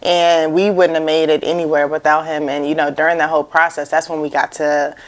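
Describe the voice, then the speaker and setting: A woman in her thirties sharing her personal story as a guest, reflective, with lots of "you know" and animated quotes of herself. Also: sits low, brisk.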